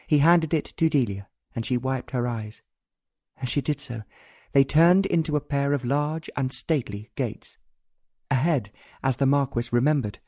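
A man narrating a romance audiobook in an even, unhurried storytelling manner. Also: mid-range voice, breathy edge, no room sound, clean studio sound. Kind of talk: scripted narration.

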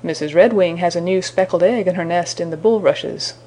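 A woman's voice: lowish voice, brisk, warm tone, a little hiss or hum, lightly acted. A woman voicing old Grandfather Frog. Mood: content. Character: old male frog, content and unhurried.

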